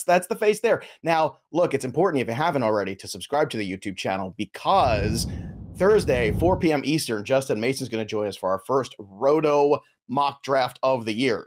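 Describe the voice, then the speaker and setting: A man hosting a sports podcast, energetic and chatty, running through promos and introducing guests. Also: medium pitch. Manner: energetic, plugs and jokes. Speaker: podcast host.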